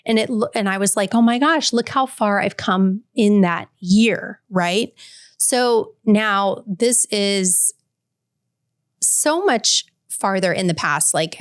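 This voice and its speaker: A woman's voice: mid-range voice, no echo, clean studio sound. A woman in her forties hosting a podcast, reading a heartfelt letter aloud and then reflecting earnestly to the listener. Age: 40s. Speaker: podcast host.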